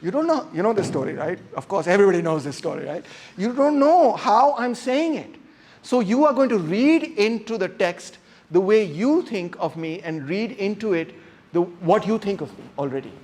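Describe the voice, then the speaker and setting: An animated man lecturing a class, his voice sitting fairly high for a man. He talks straight to the room without a microphone, acting out examples with strong emphasis. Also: moderate pace, a little hiss or hum. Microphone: no microphone, unamplified voice.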